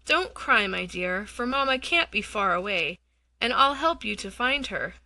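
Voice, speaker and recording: Woman voicing a gruff old storybook tiger. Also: medium pitch, expressive, a little slow, sharp tone, no echo, exaggerated voice. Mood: tender. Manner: growling, boastful then tender. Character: old hungry male tiger, gruff yet kindhearted.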